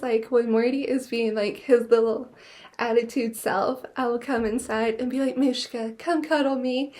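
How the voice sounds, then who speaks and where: A woman's voice: on the high side, darkish tone. A young woman hosting a podcast, talking casually and gushing, with many "like" fillers. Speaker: podcast host. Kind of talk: casual monologue.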